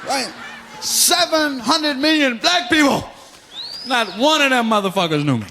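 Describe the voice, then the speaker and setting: High-voiced comedian, loud and profane. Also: male voice, animated, measured pace, gravelly. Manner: loud, profane storytelling that keeps breaking into laughter. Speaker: stand-up comedian. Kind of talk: stand-up comedy routine. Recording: noisy live recording.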